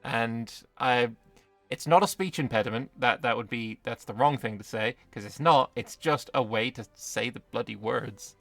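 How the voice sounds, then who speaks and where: A man's voice: mid-range voice, moderate pace, creaky, fairly bright tone, no room sound, faint music behind. A British man streaming a strategy game, bantering with chat and swearing casually. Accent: British English. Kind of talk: gaming livestream commentary.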